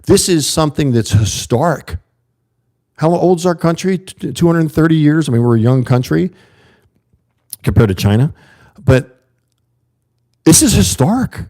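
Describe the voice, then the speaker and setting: A man's voice: mid-range voice, mellow. A man from the USA hosting a livestream, talking earnestly and rambling to his chat viewers in a casual monologue. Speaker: livestream host.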